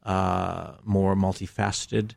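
A middle-aged American man, a filmmaker guest, speaking in a measured, reflective way with many hesitations and fillers. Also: low-pitched, level tone, gravelly, no echo, studio quality. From United States. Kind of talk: reflective interview talk.

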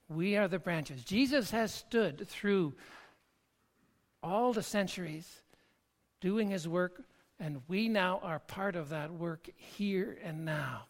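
A pastor preaching an earnest, reflective sermon with a halting delivery that often repeats words. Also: medium pitch. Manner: slow, halting delivery with frequent word repeats.

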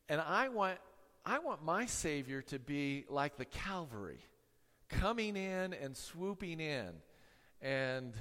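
A man's voice: a little high, a bit bright, smooth, big-room sound. A man preaching a sermon, mixing humorous stories with tongue-in-cheek sarcasm. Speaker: pastor.

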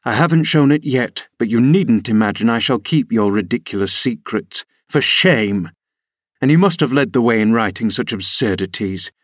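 A man's voice: medium pitch, lively intonation, moderate pace, no echo, clean studio sound, natural voice. A man voicing a stern middle-aged housekeeper who scolds a girl in a scornful tone. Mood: scolding scornful.

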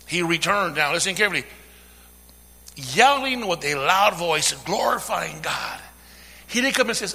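A man preaching a sermon, using call-and-response, swinging from hushed talk to shouting. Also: sits high, expressive, unhurried, pauses often, breathy edge, long reverb tail. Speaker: pastor.

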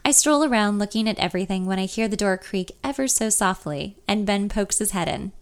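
A woman narrating a first-person audiobook in a calm, reflective way. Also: medium pitch, fairly quick, clean tone.

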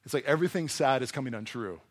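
A man preaching a sermon to a congregation in a conversational, animated way, often acting out voices as he reads and explains scripture. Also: mid-range voice, fast. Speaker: pastor. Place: church hall before a congregation.

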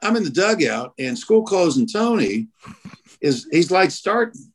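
A man's voice: on the high side, unhurried. Male radio regular, casual storyteller who voices every quote. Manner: animated storyteller acting out quotes.

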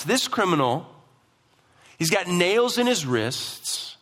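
A man's voice: sits high, sing-song, slow pace, a bit bright. A man preaching a sermon as pastor, emphatic and asking the congregation questions, in a church hall. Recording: long hall reverb.

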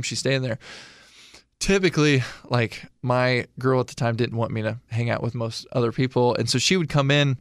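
A man's voice: medium pitch, smooth, dry recording, studio quality. A man in his thirties from Illinois, a veteran telling a long story in an interview with a casual, rambling way of talking. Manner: casual, rambling storyteller with many fillers and restarts. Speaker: guest, veteran.

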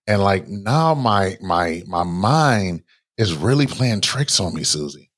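A man's voice: deep voice, slow pace. A man in his thirties, a guest author, animatedly telling a personal story in conversation and acting out the voices in his head. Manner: animated storyteller who acts out inner voices.

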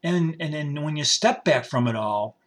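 A man's voice: on the high side, lively intonation, moderate pace, fairly bright tone. A man hosting a podcast, musing aloud in a rambling personal monologue with frequent restarts. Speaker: podcast host. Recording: faint music behind.

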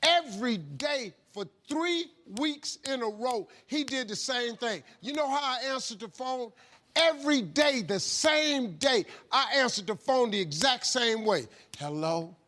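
Animated high-voiced man telling a story. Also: measured pace. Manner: animated storyteller acting out phone calls, shouting. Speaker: motivational speaker. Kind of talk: motivational storytelling.

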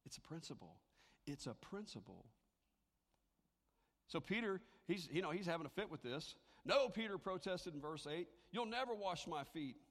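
A man preaching a sermon to a congregation, animated and conversational, sometimes dropping to a hushed, near-whispered delivery for emphasis. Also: on the high side, normal speed, in a large hall. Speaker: pastor.

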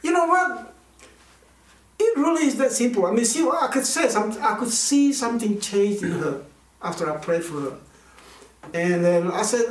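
A man's voice: high-pitched, expressive, moderate pace. Man, minister, earnest storytelling sermon, distant mic, echoey church hall. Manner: earnest, storytelling, frequent restarts. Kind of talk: conversational sermon with personal story.

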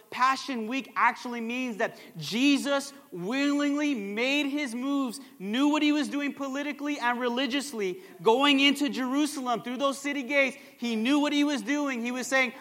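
Pastor, male, very high and sharp-toned, rallies the congregation mid-sermon; church reverb. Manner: energetic, calls to the crowd with "come on, somebody" and "all right?". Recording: long church hall reverb.

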